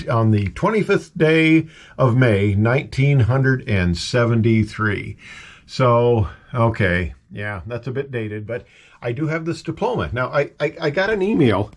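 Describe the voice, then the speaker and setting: A man's voice: mid-range voice, slow pace. An older man in his seventies, a retired pilot and engineer, chatting casually through a tour of his home, rambling with many fillers and self-deprecating asides. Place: at home, in his house and attic office.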